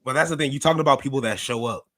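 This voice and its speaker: A man hosting a live podcast with a voice that is wearing out and a little hoarse. He talks in a loose, joking, slangy way, full of quick restarts. The sound is close and dry, with no room around it. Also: mid-range voice, fairly bright tone, no echo. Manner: laid-back, joking, slangy, stumbling restarts. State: losing his voice. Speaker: podcast host. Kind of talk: casual live podcast chat.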